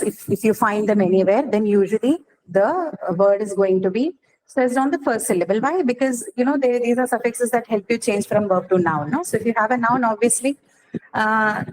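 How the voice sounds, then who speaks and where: A woman's voice: fairly high pitch, moderate pace, a little mellow, slight background noise, poor audio. A woman teacher giving a lecture, explaining step by step and often checking in with her students. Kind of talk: classroom lecture.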